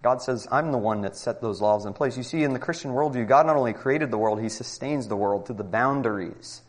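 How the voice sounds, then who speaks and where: A man's voice: medium pitch, fairly quick. A man giving a Christian apologetics talk to a live group, arguing emphatically with rhetorical questions.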